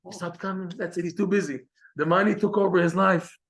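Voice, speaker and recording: A man teaching a Torah class, telling a story in a lively way and acting out the quoted dialogue. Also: fast talker. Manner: animated, acts out quoted dialogue with raised pitch. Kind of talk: storytelling lecture.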